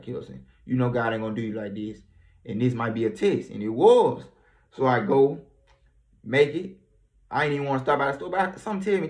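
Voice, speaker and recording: A man speaking at an ordinary mid pitch, talking off the cuff as he gives a tarot reading. His delivery is loose and rambling, full of slang and swearing, and he circles back over the same words. The tone stays casual and unscripted. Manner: slangy, repeats himself. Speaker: tarot reader. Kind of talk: casual spiritual storytelling.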